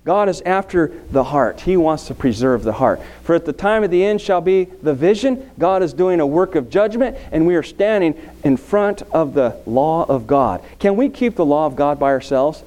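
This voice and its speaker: A middle-aged man preaching a sermon, asking the congregation questions and telling a personal story. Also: fairly high pitch. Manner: animated preaching with anecdotes and audience questions. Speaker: pastor.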